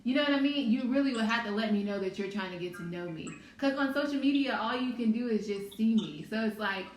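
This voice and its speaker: A woman's voice: fairly high pitch, expressive, fast talker. A woman speaking bluntly and with strong opinions in a casual conversation. She sits a little away from the microphone, so her voice sounds roomy, with faint noise in the background. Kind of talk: casual chat. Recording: echoey room, a bit far from the mic.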